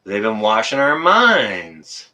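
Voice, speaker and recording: Male stream host, heated and indignant, bright forceful voice, swears then apologizes. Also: lowish voice, huge pitch swings, slow. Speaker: livestream host. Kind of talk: heated livestream rant.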